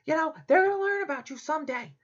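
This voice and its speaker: A woman voicing an indignant fallen angel man who shouts and rants in exasperation. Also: sits high, lively intonation, quick pace, dull audio, pitched above the performer's own voice. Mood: furious defiant.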